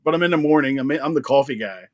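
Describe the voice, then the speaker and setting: A man's voice: medium pitch, quick pace, muffled recording. A young man from Pennsylvania, a drummer, telling a story in casual chat, laughing often and acting out the voices of people in it. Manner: animated, laughs often, acts out quoted lines. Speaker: band drummer, guest.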